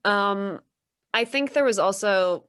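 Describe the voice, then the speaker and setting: A woman co-hosting a movie podcast, talking in a casual, chatty way. She reviews films with a wry, deadpan edge and slips in dry sarcastic asides. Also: medium pitch, slow pace, clear, resonant tone. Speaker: podcast co-host.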